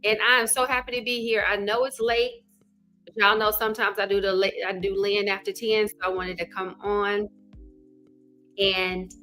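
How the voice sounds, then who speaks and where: Southern woman, middle-aged, energetic livestream host, bright and forward tone. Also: fairly high pitch. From Arkansas. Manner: chatty, energetic, greets viewers by name, says "y'all" and "child". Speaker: love coach and livestream host. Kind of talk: casual livestream chat.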